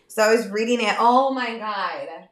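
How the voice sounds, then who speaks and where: A woman's voice: a little high, moderate pace, reverberant. A woman co-hosting a casual chat, telling stories candidly and swearing freely. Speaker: podcast co-host, biological mom.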